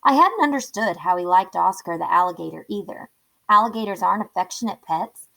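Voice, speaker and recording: A woman reading a children's chapter book aloud in a clear, steady storytelling voice. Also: medium pitch, fairly quick, rough recording.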